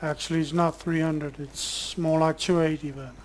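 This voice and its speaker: A man commentating his own gameplay in a relaxed, casual way, bantering sarcastically with game characters and swearing when annoyed. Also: a little high, normal speed, a little hiss or hum. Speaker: gamer streamer.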